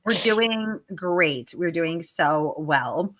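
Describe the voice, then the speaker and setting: Bubbly lady hosting a book livestream, bright voice, gushes a lot. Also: on the low side, animated, extremely slow. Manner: bubbly, gushing, reads viewer questions aloud. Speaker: host. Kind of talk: livestream author Q&A.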